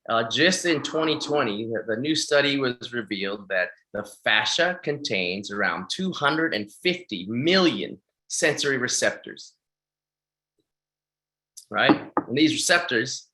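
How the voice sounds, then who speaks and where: Bright-voiced man lecturing in a webinar. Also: mid-range voice. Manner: energetic, keeps checking in with "right?" and "okay?". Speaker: fitness instructor. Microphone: webinar microphone.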